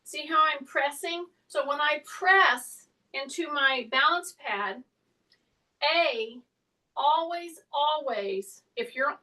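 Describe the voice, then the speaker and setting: Southern woman, fitness instructor, high and bright, chatty, a bit off-mic. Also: slow pace, recorded from a distance, rough recording. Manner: chatty, encouraging, talks while moving. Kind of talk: casual exercise instruction. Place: home exercise space.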